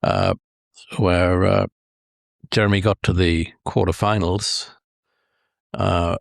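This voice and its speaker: Older Irish guest, deep-voiced, spins long hesitant anecdotes. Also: male voice, creaky, no echo, studio quality. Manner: rambling, many hesitations, chuckles at his own stories. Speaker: golf historian guest. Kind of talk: anecdotal storytelling interview.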